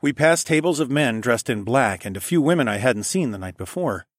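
A man reading a first-person novel aloud in a calm, even storytelling manner. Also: medium pitch, fairly quick, no echo, clean studio sound. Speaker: audiobook narrator. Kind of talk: first-person scripted narration.

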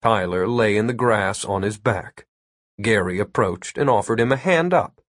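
A man narrating a comic fantasy story in an even, measured storytelling manner. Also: fairly low pitch, no room sound, clean studio sound. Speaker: audiobook narrator.

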